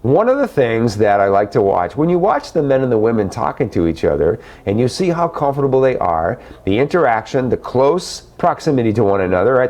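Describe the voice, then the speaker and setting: A man's voice: medium pitch, a little mellow. A middle-aged man hosting a live webcast, answering viewer questions in a chummy, effusive way. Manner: effusive, repeats words for emphasis.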